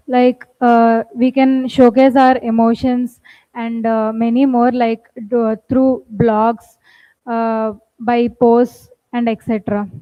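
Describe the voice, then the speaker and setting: A young woman student with an Indian English accent, speaking hesitantly with many fillers in a group discussion. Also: on the high side. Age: young adult. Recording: dull lo-fi recording.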